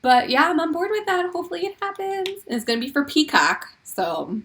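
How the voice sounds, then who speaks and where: A woman's voice: sits high, big pitch swings, a little fast, a bit bright, a little hiss or hum. A woman co-hosting a casual pop culture podcast, gushing and laughing often, with many "like"s. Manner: gushing, giggly, lots of "like". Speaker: podcast co-host.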